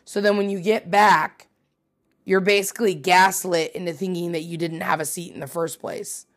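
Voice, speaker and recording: A woman hosting a casual solo podcast, chatty and animated, swearing freely and poking fun at herself. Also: on the low side, moderate pace. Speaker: podcast host.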